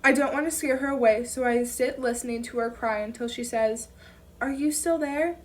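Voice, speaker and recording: Woman reading an audiobook out loud, steady, sometimes fixes a slip, bit highish, mic kinda far. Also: brisk. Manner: steady reading with occasional self-corrections. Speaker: audiobook reader. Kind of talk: first-person audiobook narration.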